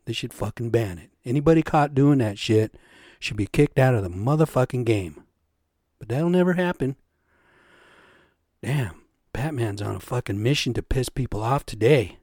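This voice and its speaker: A man's voice: mid-range voice, mellow, no echo, clean studio sound. A man hosting a solo podcast, ranting in a profane, agitated way. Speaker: podcast host.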